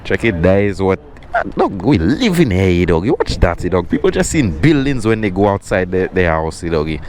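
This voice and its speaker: A man's voice: low voice, very animated, normal speed, darkish tone, a little hiss or hum. A man with a Saint Lucian accent, chatting casually to his viewers in a slangy motovlog from a roadside viewpoint. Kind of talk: casual vlog commentary. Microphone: helmet-mounted action camera.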